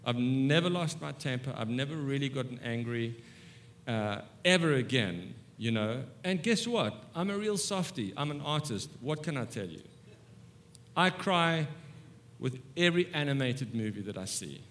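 A man in his fifties preaching a humorous sermon with stories, animated and self-mocking, moving between soft asides and excited bursts. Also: mid-range voice, normal speed, slight background noise. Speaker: guest preacher. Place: church sanctuary.

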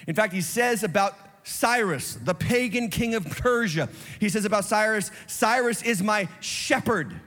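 A male pastor preaching an impassioned sermon, sometimes shouting. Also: high voice, unhurried, hardly any pauses, in a large hall. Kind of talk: fiery sermon.

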